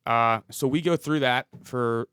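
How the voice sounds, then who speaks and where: A man's voice: mid-range voice, a little slow, bright, forceful tone, clean tone, dry recording, studio quality. A man who was a police officer, a podcast guest telling a story in a casual, matter-of-fact way. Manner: detailed, matter-of-fact retelling.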